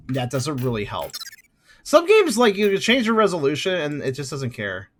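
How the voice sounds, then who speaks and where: A man's voice: a little high, wildly swooping pitch, normal speed, a little hiss or hum. A man hosting a let's play, talking through a game in a chatty way with muttered asides and frequent laughs. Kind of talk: gameplay commentary.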